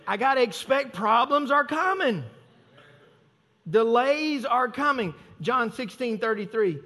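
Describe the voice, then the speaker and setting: Male pastor, high voice, casual sermon full of acted asides, big reverberant room. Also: expressive, measured pace, sharp tone. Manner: conversational, self-mocking preaching with acted asides. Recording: long hall reverb.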